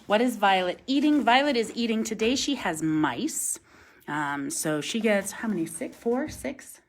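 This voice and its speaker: A woman who teaches at a wildlife center, showing a bird's feeding on a live stream. She coos at the birds in a sing-song voice, explains calmly, and thanks viewers by reading out their comments. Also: mid-range voice, moderate pace, slight background noise. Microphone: phone camera.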